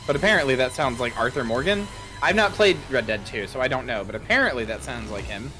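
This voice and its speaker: A man's voice: medium pitch, expressive, fast, over music. A man streaming a game, chatting in a joking, laid-back way with frequent swearing. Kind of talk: casual gaming chat.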